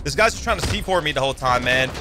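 A young man giving excitable live commentary over his own gameplay, yelping and swearing as the fights heat up. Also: mid-range voice, rapid-fire, background noise. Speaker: gaming YouTuber. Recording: game gunfire loud under the voice.

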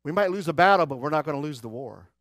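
A man preaching a church sermon, swinging between loud urgent exhortation and quiet low asides, with a Midwestern American accent. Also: expressive, fast, no room sound, clean studio sound. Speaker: pastor. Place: church sanctuary.

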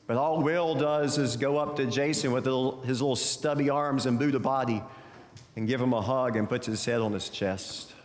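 A male pastor preaching a sermon with folksy storytelling and gentle humor. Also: medium pitch, moderate pace. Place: church sanctuary. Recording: echoey church sanctuary.

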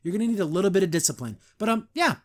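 A man's voice: high-pitched, rapid-fire. A man hosting a podcast, giving a casual, rambling episode review full of "like"s and laughs. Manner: animated, rambling, frequent laughs and "like". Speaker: podcast host.

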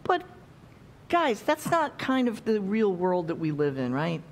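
Lively, slow-talking woman preacher. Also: mid-range voice. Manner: playful, chatty preaching with acted-out quotes. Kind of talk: sermon. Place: church.

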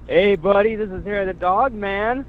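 A man's voice: high voice, moderate pace, a little hiss or hum. A man calling into a show, mocking and arguing back at the host. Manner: mocking, combative. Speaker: caller. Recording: tinny phone line.

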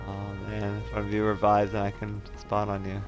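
A man giving excited, laughing commentary as he plays an online shooter. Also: on the low side, normal speed. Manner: excitable, laughing, reacting loudly. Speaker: gaming streamer. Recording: gameplay audio with music and gunfire.

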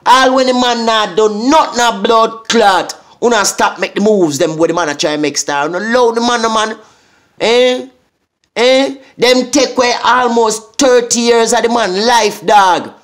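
A Jamaican man with a high voice rants to camera, heated and full of swearing. He keeps asking "eh?" to drive each point home. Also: unhurried, fairly bright tone. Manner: profane, heated, repeating "eh?". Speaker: vlogger. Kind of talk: angry rant.

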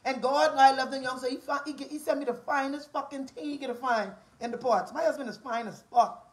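A woman's voice: sits high, fairly even intonation, fairly quick, low-quality recording. A Bahamian woman in her forties delivering a profane, combative rant, repeating her taunts over and over. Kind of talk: angry rant to camera.

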